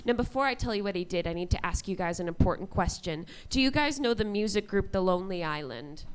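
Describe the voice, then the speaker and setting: A woman in her twenties doing a stand-up comedy set on a club stage, deadpan delivery and laughing at her own jokes. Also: mid-range voice, fast talker, clear, resonant tone. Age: 20s.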